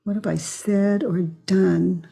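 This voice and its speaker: Older woman facilitator, unhurried and gently probing, a bit low and husky. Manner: slow, calm and questioning, acts out quoted lines. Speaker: facilitator of self-inquiry sessions. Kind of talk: guiding a client through inquiry.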